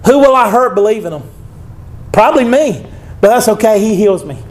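A man's voice: high-pitched, expressive, a little fast. A male preacher, delivering a conversational sermon and reading scripture aloud.

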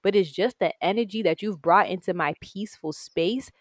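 A woman's voice: mid-range voice, moderate pace, no room sound, clean studio sound. Candid swearing woman podcast co-host. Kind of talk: casual chat.

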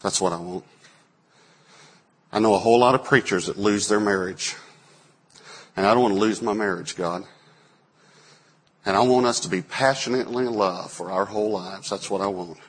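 A man in his forties, a pastor preaching a sermon, telling stories and acting out quotes with sudden loud bursts. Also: lowish voice, brisk, pauses often, slightly rough. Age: 40s.

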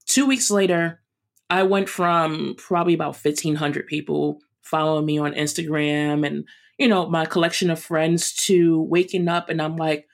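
A woman from New York City with a New York accent, a runner and chef, tells her story as an interview guest. Her voice sits low and gravelly, and she's animated and emphatic, restarting her sentences quickly.

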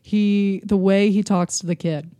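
A woman co-hosts a movie podcast in a lively, emphatic way, laughing often as she rants. Her voice sits in a middle register and sounds close and dry, with no room echo. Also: mid-range voice, measured pace. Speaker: podcast co-host. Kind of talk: casual movie review chat.

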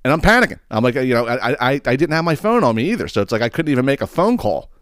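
A male podcast host telling a story in a loose, rambling way, with frequent swearing and self-mocking laughs. His voice is smooth and resonant at an ordinary pitch, recorded dry and close to the mic. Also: very animated, fast, a bit bright, no echo. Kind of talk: casual storytelling.

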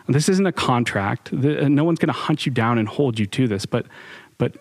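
A man's voice: mid-range voice, lively intonation, brisk. A young man speaks candidly to a live chat audience in a mid-range voice. His talk is loose and personal, with ums and restarts as he thinks aloud. He sounds like someone reflecting with an online group.

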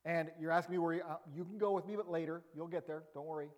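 A man preacher voicing a patient, gentle male teacher who teases kindly. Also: fairly high pitch, fairly even intonation, fast, lo-fi sound, lightly acted.

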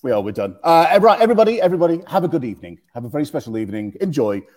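A man's voice: fairly high pitch, rapid-fire. A man hosting a podcast in casual, jokey chat. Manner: jokey, animated, breaks into playful voices. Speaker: podcast host.

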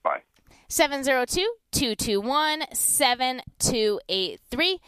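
A woman hosting a live radio shopping show, pitching deals in a chatty, upbeat way and reading out the phone number slowly. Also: expressive, fairly bright tone, clean tone, no echo. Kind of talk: live radio deal segment with callers.

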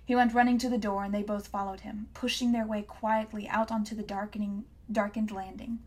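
A woman's voice: medium pitch, darkish tone. Woman reading a novel aloud. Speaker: audiobook reader. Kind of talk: scripted narration.

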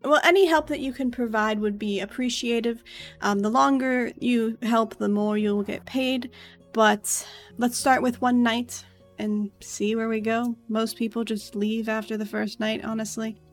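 A woman's voice: on the high side, steady tone, measured pace, soft background music, natural voice. A woman voicing a tired, dutiful male orc fort captain, polite and weary.

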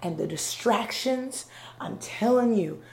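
A woman speaks in an earnest, conversational motivational talk, often checking in with her listeners and sometimes dropping to a soft whisper. Her voice has a gravelly edge. The room sounds roomy, with a faint hum behind her. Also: on the high side, animated, takes it slowly. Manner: earnest, conversational, frequent "okay?" and "right?" check-ins. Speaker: podcast host. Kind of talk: motivational monologue.

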